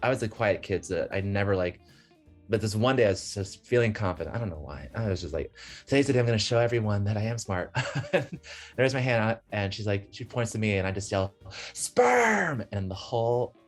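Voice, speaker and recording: A young man from the United States, a guest on a video call, telling stories in a lively way with lots of laughing and acted-out voices. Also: fairly low pitch, brisk, soft background music. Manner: animated, laughing, acts out voices in his stories. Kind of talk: casual storytelling chat.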